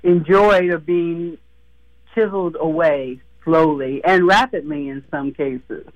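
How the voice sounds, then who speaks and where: A woman calling in to a radio talk show, outspoken and emphatic, with a hoarse morning voice over a phone line. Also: low-pitched, slow pace, no room sound. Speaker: caller. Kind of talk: phone-in commentary.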